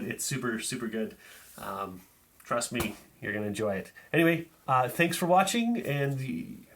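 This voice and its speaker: With a fairly bright, mid-range voice, a man walks through a magic trick in a casual tutorial, talking loosely, dropping plenty of filler, and demonstrating by hand as he goes.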